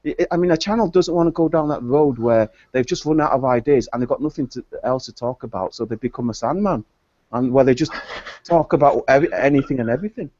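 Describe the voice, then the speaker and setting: A man's voice: mid-range voice, fast talker, darkish tone, dry recording. Hesitant man, dry lo-fi call audio. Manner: hesitant, repeats words, opinionated. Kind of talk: casual group chat. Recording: dull lo-fi online call audio.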